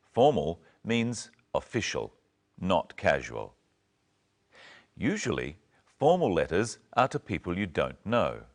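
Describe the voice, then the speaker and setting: Man, very low voice, wide-ranging intonation, scripted lesson narration, slow clear teaching. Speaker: presenter.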